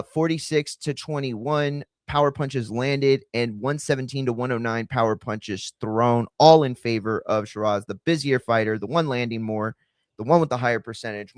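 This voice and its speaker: Streamer, male, easygoing slangy fight talk, dry close mic, mid-pitched voice. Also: no room sound. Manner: loose, slangy, chatty, addresses chat directly. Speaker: watch-party streamer and fight commentator. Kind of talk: casual live-stream commentary.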